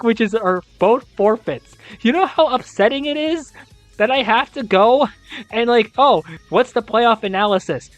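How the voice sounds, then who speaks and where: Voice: medium pitch, expressive, normal speed, no room sound, soft background music. A young adult host recapping a college esports league, reading scores and ranting with exasperated disbelief and casual swearing.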